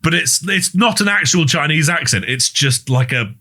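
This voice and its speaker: Bright, lively podcast co-host. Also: male voice, a little high, normal speed. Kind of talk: casual chat.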